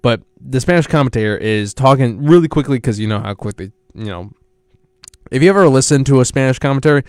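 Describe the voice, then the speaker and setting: A man's voice: mid-range voice, fast, smooth, no room sound, studio quality. A young man hosting a casual college radio sports show. He rambles and corrects himself often. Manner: rambling, animated, self-correcting. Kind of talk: casual solo sports talk.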